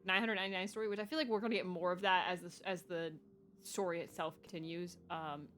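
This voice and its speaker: A young woman streamer reacting to a game story in casual, excitable, gushing talk. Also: lowish voice, fast, a little hiss or hum.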